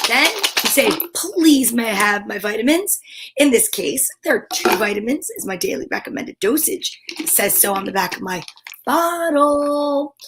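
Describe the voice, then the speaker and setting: A middle-aged woman hosting a live show for children, bubbly and playful, reading names from the chat and chatting warmly. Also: a little high, background noise. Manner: bubbly, playful, sing-song. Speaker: children's livestream host.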